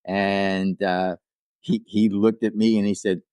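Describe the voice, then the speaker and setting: A man's voice: fairly low pitch, flat delivery, slow pace, a little mellow, clean tone, no echo. An older man, a podcast guest and actor-writer, telling a rambling anecdote casually, with asides and restarts. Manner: acts out quoted people in livelier voices.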